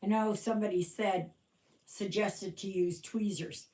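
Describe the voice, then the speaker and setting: A woman's voice: mid-range voice, fairly even intonation, measured pace, dark tone. A woman hosting a live stream, chatting casually while she stitches and often mumbling half to herself. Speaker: livestream host. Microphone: livestream mic. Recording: echoey room.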